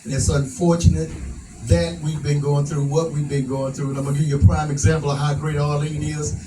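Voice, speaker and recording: A man's voice: a little high, little pitch movement, a little fast. A man giving a rousing, preacher-like speech at a prayer breakfast, folksy and laughing at his own jokes. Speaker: advocate speaker. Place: event hall. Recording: echoey room from a distance, noisy.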